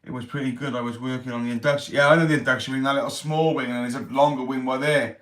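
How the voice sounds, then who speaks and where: A man's voice: mid-range voice, fairly even intonation, fast, a bit bright. A man hosting a casual livestream, reading out chat comments and telling stories in street slang. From Wales. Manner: chatty, street slang, reads chat aloud. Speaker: livestream host.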